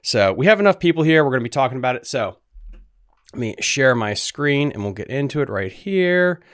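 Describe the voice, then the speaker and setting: A man's voice: mid-range voice, sing-song, fairly quick, a bit bright, smooth, no room sound, studio quality. A man hosting a casual livestream from his room at home, chatting loosely to his viewers with restarts and asides. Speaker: podcast host. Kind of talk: casual livestream talk to chat. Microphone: desk microphone.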